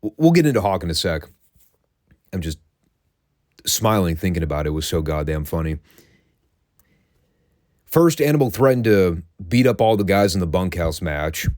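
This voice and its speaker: A man's voice: low voice, sing-song, normal speed, pauses often, darkish tone, no room sound, clean studio sound. A middle-aged man hosting a recap podcast, telling stories in a sardonic, profane and amused way. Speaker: podcast host.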